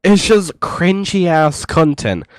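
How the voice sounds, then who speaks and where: Brief: male reaction streamer, rambling and exasperated, slow delivery, lively pitch, dry low-quality mic. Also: no room sound. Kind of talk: casual reaction commentary.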